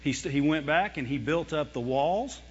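Animated man preaching a sermon, lo-fi sound. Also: on the high side, normal speed, breathy edge, big-room sound. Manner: animated, mimics whining and fearful voices, laughs often. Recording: dull lo-fi sound.

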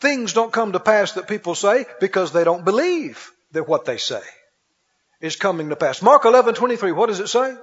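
A male pastor preaches with a high, slightly husky voice, repeatedly turning to his congregation with questions and calls for agreement. The recording sounds dull and muffled, and his voice rings out with a long reverb like in a large hall. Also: expressive, fairly quick. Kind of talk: sermon.

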